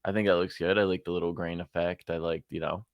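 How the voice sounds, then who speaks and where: Low-voiced man giving a relaxed, dry review. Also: quick pace, dry recording, lo-fi sound, faint music behind. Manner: relaxed, many fillers like "um" and "like". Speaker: show host reviewing submitted music. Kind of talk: casual live-stream chat.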